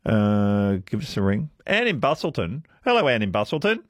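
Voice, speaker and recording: A male radio host taking calls in a relaxed, joking manner. His voice rises and falls with lively intonation, close and dry as in a studio booth. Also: fairly low pitch, moderate pace, no room sound. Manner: friendly, jokey, lively intonation. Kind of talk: late-night radio quiz with callers.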